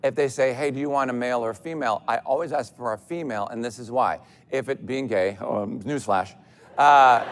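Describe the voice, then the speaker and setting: A man co-hosting a live comedy podcast on stage, telling chatty, animated stories and laughing along at his own jokes. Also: mid-range voice, a little hiss or hum. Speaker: podcast co-host. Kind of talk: comic storytelling on a live stage show.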